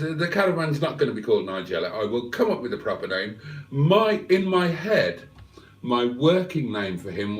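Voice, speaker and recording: A man of medium pitch, recorded from a distance in a roomy-sounding space, hosts a live stream. He reads viewer comments and chats in a rambling, casual way, peppered with fillers and asides.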